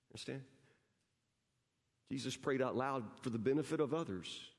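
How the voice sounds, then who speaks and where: A man's voice: medium pitch, moderate pace, long pauses. A man preaching a sermon as pastor in a church, emphatic and conversational, often repeating words as he presses a point. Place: church sanctuary. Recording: long hall reverb.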